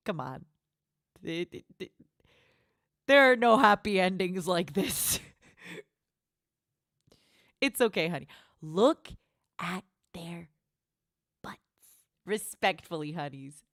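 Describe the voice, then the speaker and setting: A woman's voice: fairly low pitch, lively intonation, slow, pauses often, a bit bright, dry recording, studio quality. A woman streamer hosting a watchalong in casual livestream chat, playful and affectionate, calling her viewers honey.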